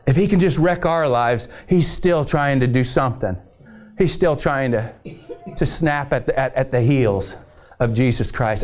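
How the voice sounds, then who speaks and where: A man's voice: medium pitch, unhurried, darkish tone. A middle-aged man preaching a fiery sermon, emphatic and fired up.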